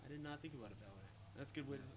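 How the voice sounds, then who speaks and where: A man hosting a casual interview podcast, encouraging and quick to laugh. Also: mid-range voice. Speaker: podcast host. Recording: faint background hiss.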